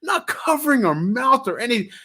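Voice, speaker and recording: A man's voice: extremely high pitch, moderate pace, slightly rough. A man vlogging casually, telling stories with energy and answering viewers' chat comments, a little stuffy in the nose. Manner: animated storyteller, reads and answers chat comments.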